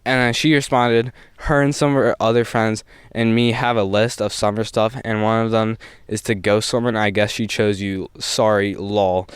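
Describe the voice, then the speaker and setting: A young man tells a story in a laid-back vlog, full of slang and quick laughs. His voice comes across smooth and clear on a close mic. The sound is dry, with no room around it. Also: fairly low pitch, flat delivery, no echo. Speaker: vlogger. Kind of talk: casual storytime.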